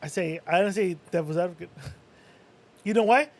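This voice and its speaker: A younger man co-hosting a casual movie watch-along, joking and swearing freely. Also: sits high. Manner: fast, joking, swears a lot. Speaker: podcast co-host.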